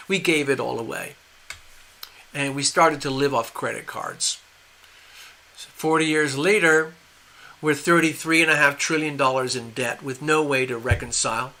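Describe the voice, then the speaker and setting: A man's voice: a little high, sharp tone. An older man hosting a live stream, giving opinionated, rambling commentary with frequent restarts. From USA. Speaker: host.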